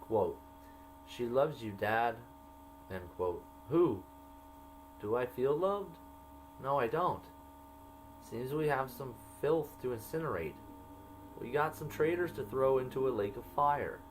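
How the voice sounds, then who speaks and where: A man slowly reading entries from his own jail journal aloud, marking each quoted line by saying quote and end quote. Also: medium pitch, lively intonation, a little hiss or hum, rough recording.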